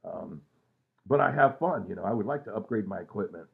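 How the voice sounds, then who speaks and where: Gravelly older man rambling, tinny phone-like sound. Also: fairly low pitch, expressive, fast talker. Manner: rambling, self-mocking, trails off with many fillers. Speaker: vlogger. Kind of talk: casual rambling monologue. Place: home at night.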